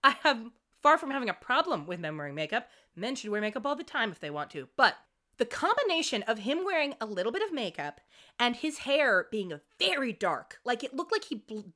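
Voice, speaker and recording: A woman with a fairly high voice and brisk pace co-hosts a podcast, recapping a TV show. Her casual chat is animated and full of asides.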